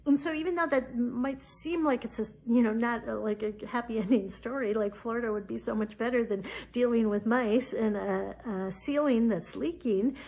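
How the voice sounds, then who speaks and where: A woman in her forties talks in a fairly high voice, casual and chatty, peppering her story with fillers. She grows animated as she retells moments from her life on her podcast. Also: normal speed, few pauses. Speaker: podcast host. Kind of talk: personal story, casual spiritual talk.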